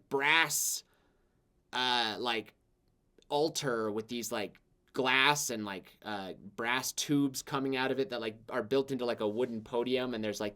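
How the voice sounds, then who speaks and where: A man narrating a tabletop game as game master in a rambling way, full of filler words. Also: mid-range voice.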